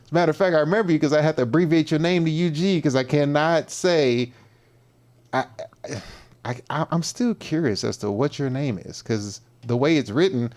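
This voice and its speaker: A man's voice: a little high, normal speed, darkish tone. A man hosting a fitness livestream, chatting casually in slang and greeting viewers by name.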